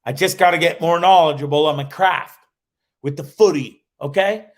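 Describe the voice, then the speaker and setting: A man's voice: on the high side, moderate pace. A man hosting a livestream who rambles and swears as he tells a story, restarting his sentences often. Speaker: livestream host. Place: indoors in a cottage while traveling.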